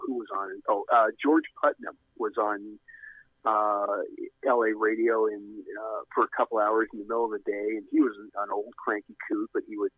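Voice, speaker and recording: This middle-aged guest has a husky, lowish voice with no echo, heard through a phone that gives a tinny, dry sound. He tells a long, casual story, wandering off and starting over frequently.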